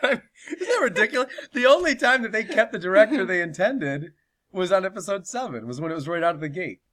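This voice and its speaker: Bright-voiced, profane male comedy host. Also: sits high, a little fast. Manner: animated, swearing, laughing.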